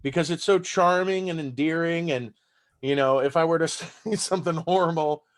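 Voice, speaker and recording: Southern-accented comedian, slightly high voice. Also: male voice, moderate pace. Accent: Southern American. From Texas. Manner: loose, profane, laughing storyteller. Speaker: stand-up comedian guest. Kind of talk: casual podcast chat.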